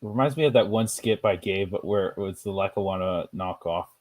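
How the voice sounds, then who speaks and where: A man's voice: low voice, a little fast, a little mellow. A man chatting casually with a friend while playing a game, laughing often and rambling loosely. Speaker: streamer. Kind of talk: casual gaming chat.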